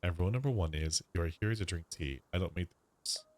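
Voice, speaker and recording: Deep-voiced playful gaming host. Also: male voice, quick pace. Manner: playful, animated. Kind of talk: casual let's-play commentary.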